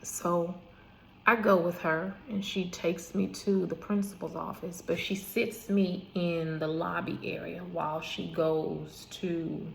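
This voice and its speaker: A woman's voice: on the low side, steady tone, slow pace, creaky, slight background noise. A woman telling a personal story in a casual, emphatic way. She repeats phrases for weight, corrects herself and adds asides. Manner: repetitive, emphatic retelling with asides and restarts. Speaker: vlogger telling her own life story.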